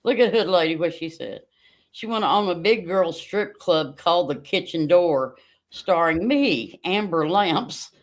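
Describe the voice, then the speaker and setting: A woman's voice: on the low side, moderate pace. Laughing woman telling a home story. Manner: laughs often, tells stories with quoted dialogue; reads out viewer comments. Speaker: livestream co-host. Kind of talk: casual chat.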